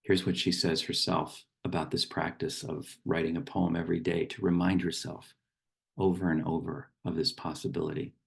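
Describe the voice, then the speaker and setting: Middle-aged man, meditation teacher; very low, gravelly voice, gentle and unhurried. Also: level tone. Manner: gentle, unhurried, with small restarts. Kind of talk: reflective spoken talk.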